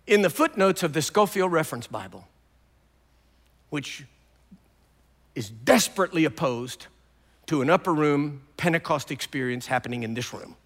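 An older male pastor delivers a sermon in a high-pitched voice. He tells stories with animated swings between quiet asides and loud outbursts. His voice carries a long reverb from a large sanctuary.

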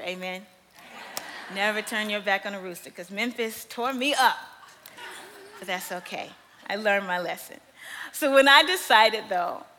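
A young woman preaching a sermon, telling stories with animated energy and frequent laughter. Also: mid-range voice. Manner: animated storytelling, laughs often. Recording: long reverb of a large hall.

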